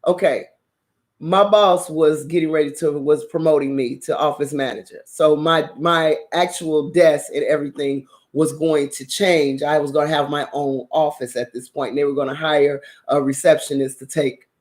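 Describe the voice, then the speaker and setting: A woman host casually telling a story in a blunt, profane, animated way, with frequent laughter. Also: low voice, moderate pace. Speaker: drama channel host.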